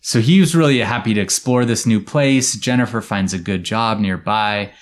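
A man with a very low voice tells a story to his co-hosts in an easygoing podcast chat. His delivery is relaxed and explanatory, and it sinks into quiet asides. The sound is a casual studio conversation. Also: normal speed. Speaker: storyteller host.

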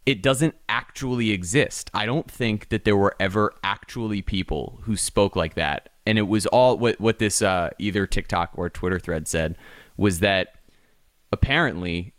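A man's voice: on the low side, moderate pace, dry recording, clean studio sound. Laid-back rambling man on a podcast. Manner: rambling, many restarts and fillers. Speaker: podcast co-host. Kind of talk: casual chat.

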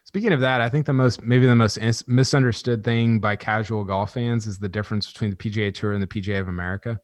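A man's voice: on the low side, steady tone, fast talker, dry recording. A man hosting a casual podcast chat, rambling and leaning heavily on filler words.

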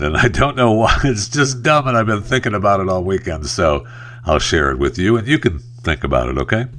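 A male podcast host talks through a loose, rambling monologue, full of jokes and chuckled asides. His voice is very deep and low. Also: a bit bright.

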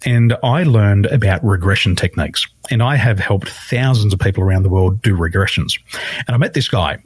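This is a life coach being interviewed on a podcast: a man whose husky, fairly low voice rises and falls widely as he recounts a story and mimics those he quotes. He speaks briskly. The audio is close-miked and dry, with no echo.

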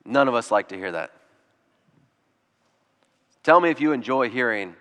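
A man's voice: medium pitch, normal speed, pauses often, a bit bright, clean tone. Man preaching in an echoing hall. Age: adult with children. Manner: conversational preaching with acted-out quotes. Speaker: pastor. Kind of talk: sermon.

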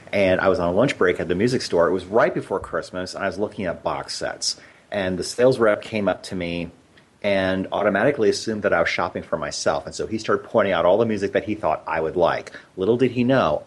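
A male interview host in casual chat, affirming his guest and adding his own story. His voice is very low and husky. He speaks in a relaxed, conversational way. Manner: affirming, anecdotal. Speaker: podcast host.

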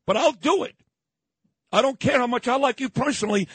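New radio guy ranting on air, high husky voice, swings all over. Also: lively intonation, normal speed, no room sound. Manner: loud, ranting, combative, swings up into yelling. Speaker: radio talk show host. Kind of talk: opinionated morning talk radio. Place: radio studio.

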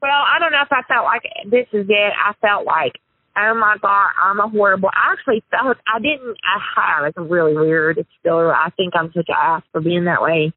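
Speaking over the phone in a casual interview, a woman who used to make prank calls rambles confessionally about her past and keeps cutting herself off. Her voice is fairly low with a breathy edge, at a moderate pace with hardly any pauses, and there's no echo.

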